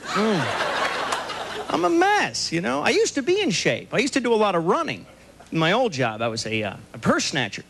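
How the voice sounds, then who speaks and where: A man performing a stand-up comedy set on a club stage, firing off deadpan one-liners with sudden loud outbursts. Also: sits high, normal speed, creaky. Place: comedy club stage before a laughing audience. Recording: live club recording, loud crowd and noise.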